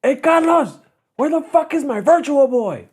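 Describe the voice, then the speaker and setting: A man acting out a brash, hot-tempered young cousin in his mid-twenties, pitched well above the narrator's own voice. He drawls slang and swears freely, and every line comes out cocky and loud. He is the big cousin showing off to a kid. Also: very animated, moderate pace, vocal fry, husky, exaggerated voice. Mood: yelling.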